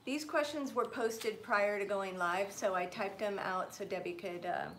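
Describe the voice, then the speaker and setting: A woman co-hosting a live stream, reading out viewers' questions in a relaxed, casual way. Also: mid-range voice, slight background noise. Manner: unhurried, scrolling through questions as she talks.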